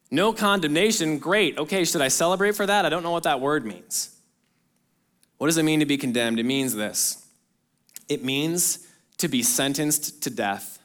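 Soft-spoken, clear-voiced man preaching. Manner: earnest preaching, rises to emphatic bursts then drops soft and low; direct address to the congregation. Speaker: pastor. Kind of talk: sermon.

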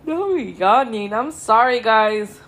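A woman's voice: fairly high pitch, expressive, slow, a bit bright. A young woman, hosting a podcast and telling a story in casual, sweary, laid-back speech that drags with tiredness. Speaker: podcast host.

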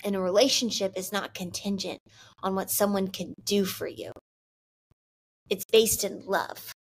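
A woman's voice: medium pitch, fairly even intonation, measured pace, slight background noise. A young woman talking candidly to camera about her faith, earnest and loose, full of "like" and restarts. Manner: earnest, candid, filler-heavy with frequent "like". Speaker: Christian vlogger. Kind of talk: heartfelt faith talk to camera.

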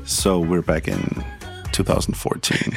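A man telling a story in casual chat, halting and laughing, with many fillers. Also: low voice, little pitch movement, soft background music. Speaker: touring musician guest.

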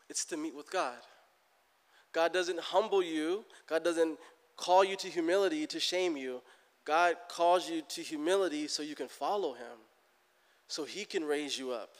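A middle-aged man delivers a sermon in a church. His voice is smooth and resonant, a little higher than most men's, and it climbs and grows loud as he plays out what people pray. A long reverb from the hall trails every phrase. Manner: animated, rises loud for emphasis, acts out prayers. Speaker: pastor.

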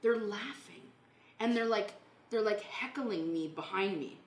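A woman who runs a renovation company, telling a story in a casual chat with lively energy and plenty of swearing. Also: medium pitch, measured pace. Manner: animated, swears freely. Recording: echoey room.

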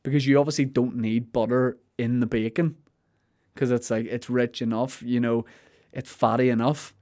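A man's voice: mid-range voice, little pitch movement, normal speed, darkish tone. A man, a comedian riffing playfully through a podcast monologue with plenty of swearing.

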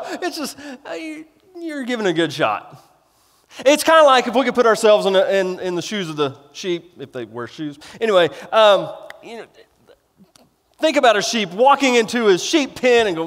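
A male pastor delivers a sermon in a folksy, rambling manner, restarting phrases and joking at his own expense. His voice sits high for a man. A long reverb from a large sanctuary trails each phrase. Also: lively intonation, normal speed, a bit bright. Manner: folksy, rambling with restarts and self-deprecating humor.

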